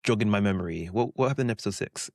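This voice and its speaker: A man hosting a casual interview over a video call, quick and relaxed with stammered starts. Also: on the low side, dry recording, studio quality.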